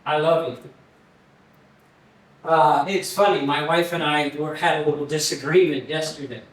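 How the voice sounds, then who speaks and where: An older man preaching a sermon in an earnest, halting way, often restarting his words. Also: a little high, fairly even intonation, fairly bright tone. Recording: very echoey, voice from far off the mic.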